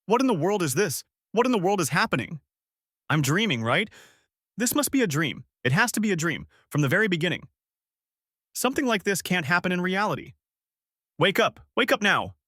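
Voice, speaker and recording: A man voicing a terrified young male teacher who shouts in panic. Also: high voice, very animated, a little fast, no echo, studio quality, pitched above the performer's own voice, exaggerated voice. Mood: panicked. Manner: frantic, shouting in fear.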